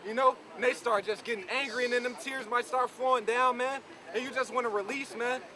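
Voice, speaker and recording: Man, street preacher, very high voice, emphatic, keeps saying man, outdoor crowd noise. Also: fairly even intonation, fairly quick. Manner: emphatic, repeats "man" and "you know".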